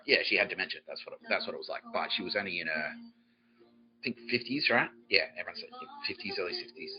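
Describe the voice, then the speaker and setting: A man's voice: low voice, dull audio. A man hosting a comedy podcast, telling a long, profane, rambling story with many restarts. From Australia. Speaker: podcast host.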